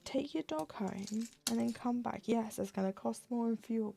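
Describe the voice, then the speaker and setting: Her voice runs on the high side at a normal speed, mellow and touched with vocal fry, while faint music plays behind. She chats and rants at her desk as she stitches on stream, laughing a lot.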